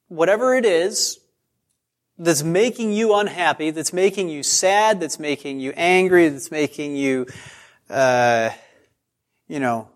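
A man preaching a sermon in a conversational way, telling stories on himself and repeating phrases for emphasis. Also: fairly high pitch. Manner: conversational preaching with self-deprecating asides; repeats phrases for emphasis, draws out key words. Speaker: pastor.

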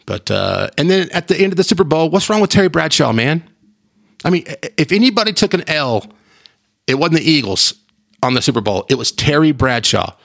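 A man's voice: a little high, fairly quick, creaky. A man hosting his own podcast, rambling in casual chat with frequent restarts. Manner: rambling, animated, with repeated restarts. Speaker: podcast host.

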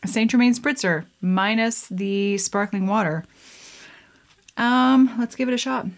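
A woman's voice: fairly high pitch, unhurried. A young woman vlogging casually while she mixes a drink, chatty and playful, with frequent laughs and asides.

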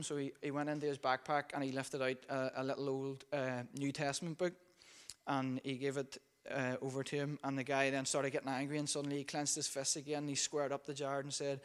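Preaching a sermon, a man tells a story conversationally, using lots of fillers along the way. His voice is medium-pitched and clean, with a level tone and a slightly quick pace.

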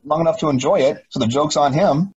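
Quick and fairly high-pitched, with a slightly mellow tone and lo-fi sound, a middle-aged ex-cop talks in an interview. He's emphatic, frequently repeats himself, and asks rhetorical questions.

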